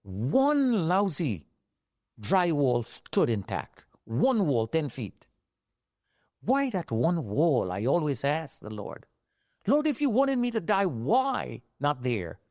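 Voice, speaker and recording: A man's voice: a little high, huge pitch swings, slow, darkish tone, no echo, clean studio sound. A middle-aged man telling his own survival story in an emotional, dramatic way, rising into pleading outbursts. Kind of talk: personal testimony.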